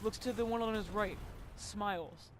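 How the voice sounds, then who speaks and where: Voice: mid-range voice, moderate pace, background noise. A casual storyteller recounting a story over gameplay, rambling with lots of fillers and casual swearing.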